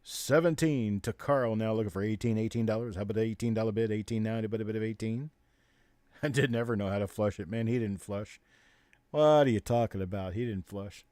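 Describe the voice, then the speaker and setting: A man's voice: on the low side, darkish tone, dry recording. Man rattling off bids at a live coin auction. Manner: rapid, repetitive bid calling mixed with joking chat. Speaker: auctioneer and show host.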